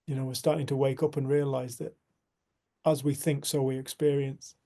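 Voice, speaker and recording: A man leading a community group, speaking in a reflective spiritual talk and telling a story in an earnest, unhurried way. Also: mid-range voice, level tone, creaky, dark tone.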